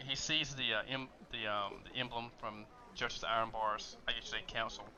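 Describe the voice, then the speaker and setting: A man running a tabletop game as game master, narrating in a halting way full of fillers over online voice chat. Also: medium pitch, steady tone, bright, forceful tone.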